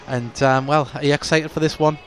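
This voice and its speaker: A man's voice: a little high, steady tone, a little fast. A man hosting a club podcast, giving chatty pre-match commentary from a stadium stand and stumbling a little over names.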